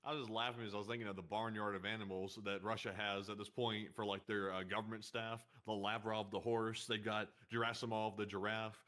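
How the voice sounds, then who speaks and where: Male co-host, slightly low voice, relaxed banter, halting delivery with fillers. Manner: laid-back, joking, halting with fillers. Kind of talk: casual chat.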